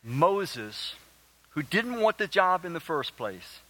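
A man's voice: fairly high pitch, very animated, takes it slowly, sharp tone, low-quality recording. A man preaching a sermon, reading scripture aloud and earnestly quizzing his congregation. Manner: asks the congregation questions; emphatic and earnest.

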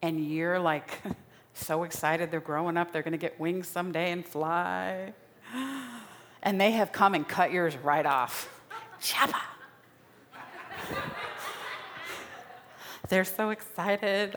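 A woman's voice: mid-range voice, lively intonation, takes it slowly, pauses often, a bit bright. A woman preaching a sermon in a dramatic style, repeating phrases for emphasis. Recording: long reverb of a large hall.

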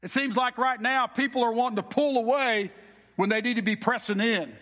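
Middle-aged male pastor with a high-pitched voice, earnest heartfelt preaching, recorded with long hall reverb. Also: brisk, a bit bright. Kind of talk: sermon.

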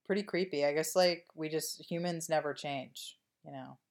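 Podcast co-host, female, deep register, dry and meandering. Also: normal speed, gravelly. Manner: rambling, wry, lots of fillers. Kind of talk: casual chat.

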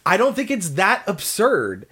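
Podcast co-host, casual film chat, measured, explanatory, medium pitch. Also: huge pitch swings, a bit bright, husky.

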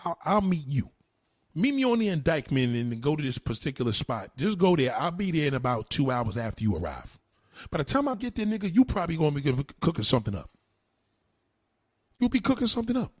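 A man tears into viewers' comments in a combative, profane livestream rant, repeating his retorts over and over. His voice is husky and sits a little high, and it swings up and down with a lot of life. The sound is close and dry. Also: very animated, brisk, dry recording. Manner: combative, repetitive, heavy cursing and slang. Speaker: livestream host answering comments.

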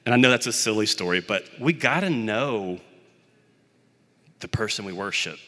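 Bright-voiced man preaching in a hall. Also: on the low side, animated, normal speed. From Birmingham, Alabama area. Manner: conversational, self-deprecating storytelling. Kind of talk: sermon.

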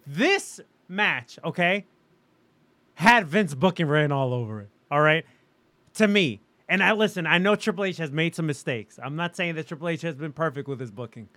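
Male podcast co-host, opinionated and emphatic; high, bright voice with an animated, swinging pitch. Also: moderate pace. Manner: opinionated, emphatic, swears freely. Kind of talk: casual wrestling talk.

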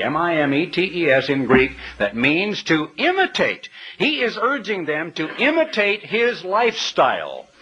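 A man's voice: on the high side, bright, forceful tone, breathy edge, lo-fi sound. A man preaching a sermon, emphatic and full of rhetorical questions, sometimes spelling words out letter by letter.

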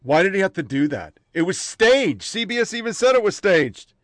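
A man hosting a political commentary show, sarcastic and profane, swinging between loud outbursts and low mutters. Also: very animated, moderate pace, dry recording, studio quality.

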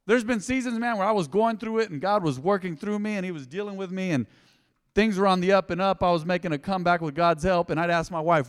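A middle-aged man preaching a sermon in a church, passionate and emotional, swinging between loud excitement and quiet, earnest talk. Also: sits high, a little fast. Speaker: pastor. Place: church sanctuary. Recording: long hall reverb.

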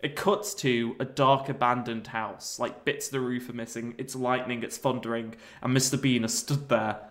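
A man's voice: mid-range voice, flat delivery, moderate pace. A man co-hosting a comedy podcast, rambling through a made-up film plot with frequent laughter. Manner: rambling storyteller, laughs often. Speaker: podcast co-host. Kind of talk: casual comedic chat.

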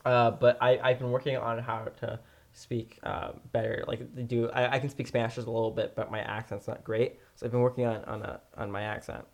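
A man's voice: medium pitch, little pitch movement, brisk. A young man co-hosting a podcast in casual chat, rambling with lots of fillers and restarts. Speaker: podcast co-host.

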